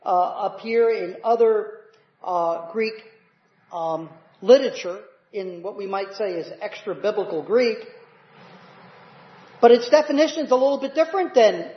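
A man's voice: high-pitched, unhurried. A male pastor preaching a sermon, often asking the congregation "Amen?". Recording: roomy, dull church recording.

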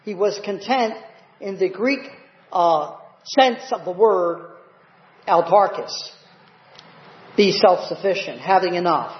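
Man, pastor, preaching, high voice, echoey dull recording. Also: lively intonation, takes it slowly, long pauses. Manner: preaching with calls of "Amen?" to the congregation. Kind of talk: sermon. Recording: roomy, dull church recording.

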